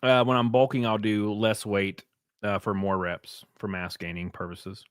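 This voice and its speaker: A man's voice: on the low side, little pitch movement, normal speed, clean tone, dry recording, clean studio sound. A man hosting a casual livestream, blunt and profane, rambling and reading chat donations aloud. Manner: reads and answers chat donations. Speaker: livestream host.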